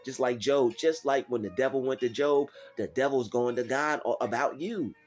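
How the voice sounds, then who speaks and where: A man giving a faith-based motivational talk, preachy and animated, acting out doubters in mocking voices. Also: mid-range voice, normal speed, faint music behind. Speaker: motivational vlogger.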